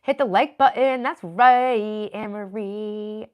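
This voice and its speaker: A woman's voice: medium pitch, fairly quick, dull audio. A woman in her thirties streaming live from her home office, chatting casually and earnestly with viewers and thanking them by name. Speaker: live streamer reading chat. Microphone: computer at her desk.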